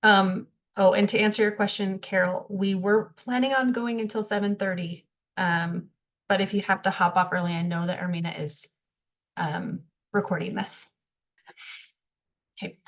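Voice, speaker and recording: A woman's voice: medium pitch, steady tone, normal speed, muffled recording. A woman leading an online workshop over a video call, speaking in a friendly, conversational way with frequent fillers. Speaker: workshop presenter.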